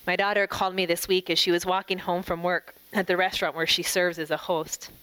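A middle-aged woman giving a devotional talk, gentle and reflective, telling a family story and closing in prayer. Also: lowish voice, little pitch movement, a little fast, smooth, no echo, rough recording. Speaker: devotional speaker.

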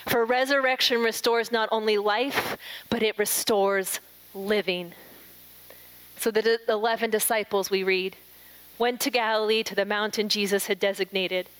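A middle-aged woman preaching an earnest, emphatic sermon, slowing and softening her voice on scripture quotes. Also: medium pitch, fairly even intonation, clear, resonant tone, low-quality recording.

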